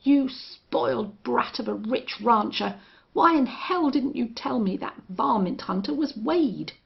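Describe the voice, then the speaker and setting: A woman voicing a rough, frightened male rustler leader who shouts huskily. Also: a little high, animated, unhurried, voice pushed up. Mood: shouting. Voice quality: husky, shouting. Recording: dull lo-fi audio.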